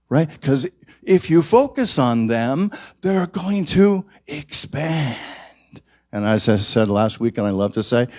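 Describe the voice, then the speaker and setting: Slow, gentle male minister preaching. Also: medium pitch, animated, no room sound, studio quality. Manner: slow, gentle and reflective, rising for emphasis. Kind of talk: sermon. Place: church service.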